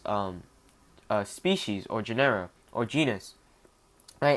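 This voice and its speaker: Casual young man reviewing a philosophy book. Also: mid-range voice. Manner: thinks aloud with many fillers and restarts, frequent "right?".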